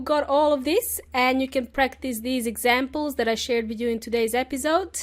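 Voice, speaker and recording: A woman hosts an English lesson podcast, explaining polite phrases slowly and often checking in with "okay?". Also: sits high, steady tone. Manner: friendly, explains slowly and spells out words; laughs often, says okay often. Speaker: English teacher and podcast host.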